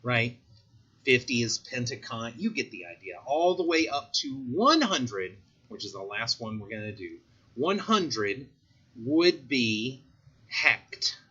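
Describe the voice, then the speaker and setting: A man giving a recorded chemistry lesson in a loose, chatty way, with jokey asides as he explains. His voice is very bright and a bit husky. The audio is slightly dull and lo-fi. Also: medium pitch. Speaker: chemistry teacher.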